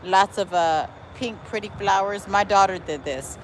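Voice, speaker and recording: A woman's voice: mid-range voice, moderate pace, slight background noise, low-quality recording. Chatty sassy woman livestreaming outdoors. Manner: chatty, sassy, addresses viewers as y'all and girl. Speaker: livestream host touring her garden. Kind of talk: casual livestream chat. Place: outdoors in a backyard garden. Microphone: phone held while walking.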